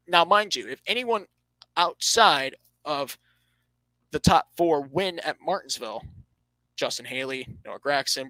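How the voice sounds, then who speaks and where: A male host of a motorsport podcast breaks down standings and races animatedly and emphatically, often correcting himself mid-sentence. His voice is mid-range, and the recording is low quality with no room sound.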